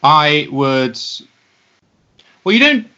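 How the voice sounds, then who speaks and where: A man's voice: on the high side, very animated, extremely slow, sharp tone, clear, resonant tone. A British-accented man co-hosting a podcast, chatting casually with a dry, humoring manner. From United Kingdom. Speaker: podcast co-host. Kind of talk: casual chat. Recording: dull lo-fi audio.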